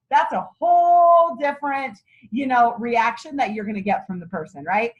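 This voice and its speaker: A woman's voice: sits high, brisk, rough recording. A middle-aged woman leading a sales team meeting, giving an enthusiastic, folksy motivational talk on booking.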